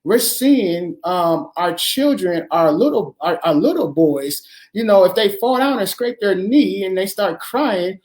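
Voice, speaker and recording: A man's voice: high-pitched, expressive, measured pace, hardly any pauses, a little mellow. A man hosting an earnest advice talk, speaking emphatically and repeating his phrases, with plenty of fillers.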